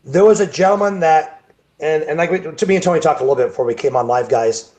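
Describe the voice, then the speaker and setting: A bodybuilding show promoter tells a rambling story over a video call in a casual interview, repeating words and restarting sentences. His voice is a little high, quick, and slightly mellow.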